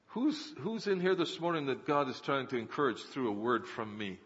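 Bright-voiced man preaching in a reverberant hall. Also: mid-range voice, big pitch swings, normal speed, hardly any pauses. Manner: swings from loud exhortation to quiet storytelling. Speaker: pastor. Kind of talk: sermon. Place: church sanctuary. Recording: muffled church hall with long reverb.

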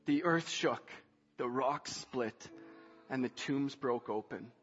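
A man preaching a sermon who moves from hushed scripture reading to shouted emphasis. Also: mid-range voice, slow pace, breathy edge. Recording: dull sound, long hall reverb, faint music.

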